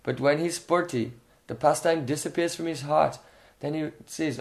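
Man, somewhat high pitch, devotional lecturer, reflective, frequent "hmm?" asides. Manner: frequent questioning "hmm?" to listeners; unhurried, reflective storytelling. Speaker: spiritual teacher.

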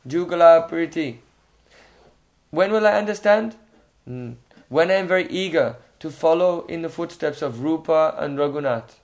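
A man with a slightly raised voice delivering a devotional lecture. He speaks in an unhurried, reflective way, often pausing to check in with his listeners with a questioning "hmm?". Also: a little high, a little mellow. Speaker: spiritual teacher.

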